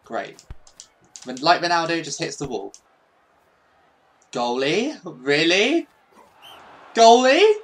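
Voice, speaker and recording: Guy, gameplay commentary, lively swooping pitch, unhurried delivery, sweary and excitable. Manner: excitable, sweary, mock-patriotic. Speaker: gaming YouTuber.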